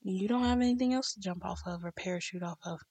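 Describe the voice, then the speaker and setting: A woman's voice: mid-range voice, quick pace, a little mellow, husky, no echo. A woman voicing an unimpressed female toy rat who scolds in a sarcastic tone. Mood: scornful.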